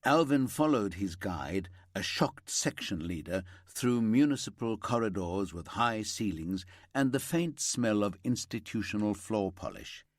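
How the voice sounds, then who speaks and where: A man narrating a crime thriller audiobook in a steady, lively storytelling manner on a close mic. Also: fairly low pitch, a little slow, hardly any pauses, no room sound.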